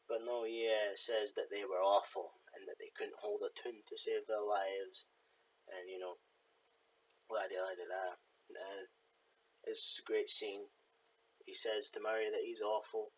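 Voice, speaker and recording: A man's voice: fairly low pitch, little pitch movement, a little slow, pauses often, a little hiss or hum, low-quality recording. A man casually retelling a film's plot in a review, rambling with fillers and side remarks. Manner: rambling, many fillers and asides. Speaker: film reviewer. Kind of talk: casual spoken film recap.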